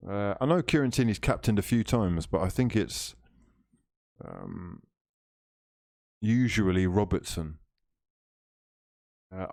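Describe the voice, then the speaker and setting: A man's voice: fairly low pitch, a little mellow. Man, live stream host, casual football chat, teasing, reads comments, laughs a lot.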